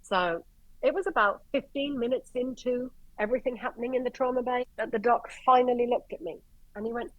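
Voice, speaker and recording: An Irish woman from Ireland, a paramedic guest, telling stories in an animated, blunt way, swearing freely and acting out the people she quotes. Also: a little high, normal speed, no room sound, rough recording. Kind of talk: casual storytelling.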